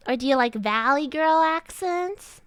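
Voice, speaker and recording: A woman's voice: high voice, lively intonation, measured pace, dry recording. A young woman streamer chatting casually with her live chat, rambling with lots of "like" and restarts.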